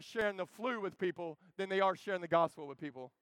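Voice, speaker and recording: Male preacher, impassioned, bright-toned high voice, dry close recording. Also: fast talker, few pauses, smooth, no echo. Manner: impassioned, swinging from loud urging to hushed storytelling. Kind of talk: sermon.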